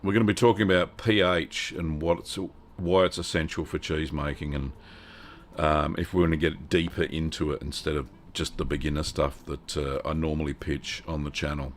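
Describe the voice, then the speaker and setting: A man's voice: rumbling low, moderate pace. A man in his fifties with an Australian accent, chatting casually with viewers as host of a livestream. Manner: relaxed, rambling, greets chat viewers by name. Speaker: host of a cheese-making livestream.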